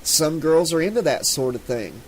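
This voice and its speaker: A man's voice: a little high, big pitch swings, normal speed, slight background noise, low-quality recording. A man voicing a young Southern American jock, his speech slightly slurred and defensive.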